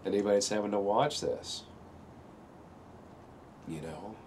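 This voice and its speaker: A man's voice: lowish voice, a little slow, a little mellow, a little hiss or hum. A middle-aged man telling a painful personal story in a rambling way, often saying "you know" and straining not to break down. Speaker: video speaker sharing a personal story. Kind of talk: emotional personal monologue.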